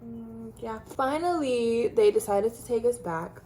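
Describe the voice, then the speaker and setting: A woman's voice: on the high side, unhurried, warm tone, slight background noise. A woman from Texas telling her own story casually to camera, chatty, with many fillers like "like" and "um". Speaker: vlogger sharing her story.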